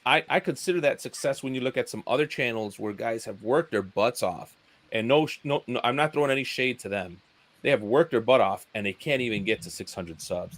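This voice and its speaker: A man sharing his thoughts in a casual live stream chat, earnest and prone to repeating words. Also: mid-range voice. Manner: earnest, repeats words, mimics a dull flat speaker. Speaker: YouTuber guest.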